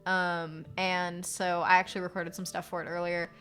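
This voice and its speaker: A woman's voice: on the low side, monotone, normal speed, a bit bright, soft background music. A woman streamer and voice actor chatting casually on a live stream from her apartment, rambling with fillers and swearing, her nose congested. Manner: rambling, frequent fillers and profanity.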